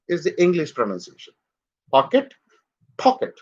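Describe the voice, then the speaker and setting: A man teaching English pronunciation in a live online lesson, drilling words slowly for students to repeat. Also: high voice, expressive, dull audio.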